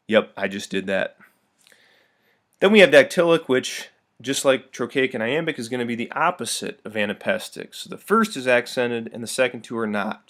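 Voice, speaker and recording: A man teaching a recorded video lesson in a friendly, upbeat way, reading verse slowly with heavy stress. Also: mid-range voice, a bit bright.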